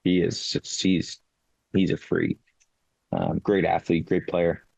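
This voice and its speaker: A man with a very deep, dark, gravelly voice hosts a casual podcast chat. He talks haltingly, full of pauses and restarts. The sound is dry and muffled, like a cheap lo-fi mic. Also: flat delivery, no echo. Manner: halting, many ums and restarts. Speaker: podcast host, fantasy league commissioner.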